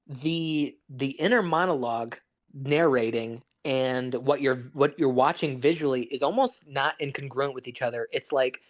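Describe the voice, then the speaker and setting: Rambling, enthusiastic man in casual chat. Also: fairly high pitch. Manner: rambling, profane, enthusiastic with restarts. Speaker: podcast co-host.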